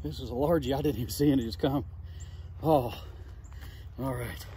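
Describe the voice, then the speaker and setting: A man vlogging his fishing outdoors by a creek, excited and rambling in a folksy way, recorded on a phone held at a distance. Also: medium pitch, normal speed, a little hiss or hum. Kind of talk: casual outdoor vlog talk. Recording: faint phone audio from a distance.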